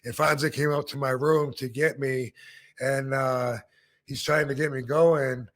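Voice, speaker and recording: A man hosts a podcast and drifts through a long, casual anecdote. He wanders, restarts, and swears freely. His voice sits at an ordinary pitch for a man. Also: steady tone, unhurried, a bit bright. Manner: laid-back, rambling with fillers and profanity. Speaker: podcast host. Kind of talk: casual storytelling.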